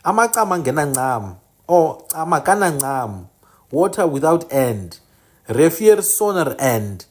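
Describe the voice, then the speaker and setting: A man's voice: a little high, very animated, a little slow, breathy edge. Insistent man teaching. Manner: emphatic, corrects names insistently and repeats them. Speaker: channel host teaching indigenous place names. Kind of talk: informal teaching monologue.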